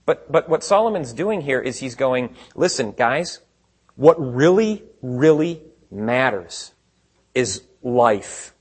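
A man preaching a sermon to a room of listeners, paraphrasing scripture with animated sarcasm and swinging between quiet and loud. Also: mid-range voice, slow, breathy edge. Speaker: pastor. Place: room with congregation.

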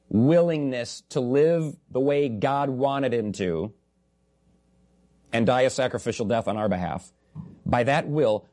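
A male preacher delivering a sermon in an earnest, emphatic voice. He drives points home by repeating them and breaks in with wry, joking asides. His pitch sits in the ordinary middle range for a man. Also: a little mellow.

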